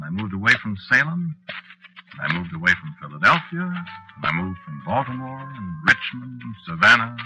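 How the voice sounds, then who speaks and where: A man's voice: medium pitch, sharp tone, full character voice, poor audio. An actor playing a witch's ageless husband in a 1940s radio drama, telling his story reflectively and stammering when flustered. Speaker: narrator.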